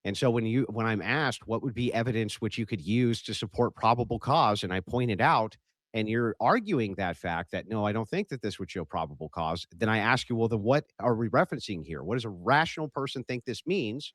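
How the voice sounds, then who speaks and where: A man's voice: on the low side, lively intonation, brisk, a bit bright, no room sound. A man arguing bluntly in a heated online debate, pressing his point and cutting in. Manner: blunt, combative, interrupts.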